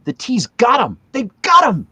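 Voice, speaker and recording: A man's voice: very high-pitched, huge pitch swings, normal speed, pushed and bright, slight background noise. A man in his fifties, a podcast guest telling a long story in a casual, rambling way, with restarts and chuckles along the way.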